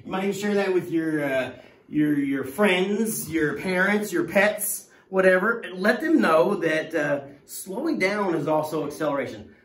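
Excitable high-voiced male teacher, echoey classroom. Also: unhurried. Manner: playful, excitable, jokey. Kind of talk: classroom lesson. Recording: echoey room, mic at a distance.

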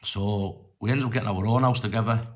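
A middle-aged man telling a personal story in a rambling, halting way, full of restarts and fillers. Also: lowish voice, steady tone, dull audio. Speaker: storyteller vlogger.

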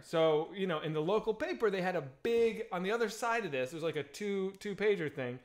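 Animated man telling a story. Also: high-pitched, quick pace. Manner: animated, lots of fillers and laughs, swears freely. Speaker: podcast co-host. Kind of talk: casual storytelling chat.

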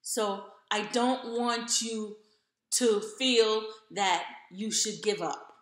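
A woman's voice: mid-range voice, fairly even intonation, takes it slowly, echoey room. A woman telling her own story to camera in an earnest, encouraging way, repeating phrases for emphasis.

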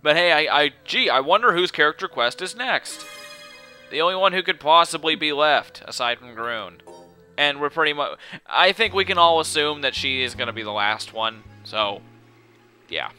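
A male let's play host talks his way through a game in a loose, rambling way and laughs often. His voice sits a little high and sounds very bright, with lively swings in pitch. Faint game music plays behind him. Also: moderate pace. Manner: laughs easily, chatty and rambling. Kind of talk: casual game commentary.

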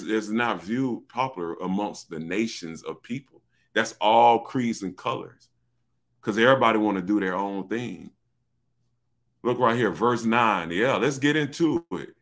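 Low-voiced man teaching Bible study. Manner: excitable, repeats "look", addresses listeners as baby.

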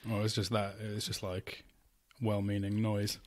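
A man chatting casually as a podcast guest in a flat, joking around and trying out regional accents. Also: fairly low pitch, unhurried. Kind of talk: casual chat. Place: living room of a flat, indoors.

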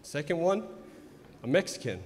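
A man's voice: on the high side, sing-song, normal speed, a little hiss or hum. A man emceeing a live pageant, making announcements and telling a long joke to the audience over a microphone. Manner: chatty, storytelling, loud announcements. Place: large indoor event hall. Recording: long reverb in a large hall.

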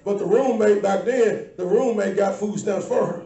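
A woman preaching a sermon to a congregation, shifting between low asides and loud shouting. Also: normal speed, distant mic. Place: church sanctuary. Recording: echoey church, mic from afar. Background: faint congregation.

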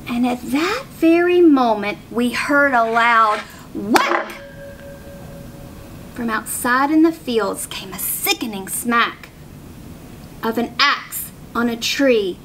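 A woman reading a rhyming children's story aloud with a rhythmic, expressive delivery. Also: on the high side, takes it slowly, a little hiss or hum.

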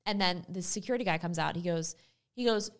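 With a lowish voice and a brisk pace, this young woman co-hosts a podcast and recounts a story in easygoing chat. She's a lively storyteller who acts out each quote.

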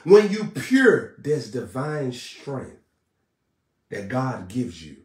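A man preaching a live sermon in a fiery, repetitive style, building to shouts. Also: medium pitch, sing-song, extremely slow, reverberant, distant mic.

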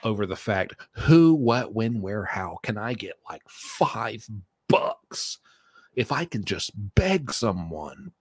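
A man reacting with biting sarcasm, his voice dropping to low mutters and then rising into loud mocking pleas. The sound is dry and close, with no room around it. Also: very animated, takes it slowly, dry recording. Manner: sarcastic, mocking, swings between mumbling and exasperated outbursts. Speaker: commentator reacting to a prison call recording. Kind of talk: satirical reaction commentary.

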